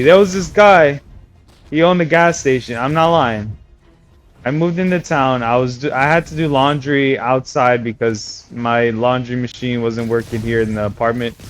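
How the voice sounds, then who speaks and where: A young man talking casually and at length, drifting from one thought to the next. His voice sits at an ordinary middle pitch, and he fills his sentences with fillers and self-mocking asides. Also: slight background noise. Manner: chatty, meandering, self-mocking, many fillers. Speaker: vlogger. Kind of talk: casual rambling storytelling.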